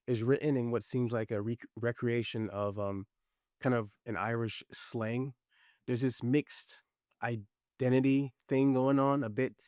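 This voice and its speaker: A man's voice: mid-range voice, a little mellow, no echo. American male podcast host, dry close sound, teasing and blunt. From United States. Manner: teasing, blunt, swears freely. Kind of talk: casual interview.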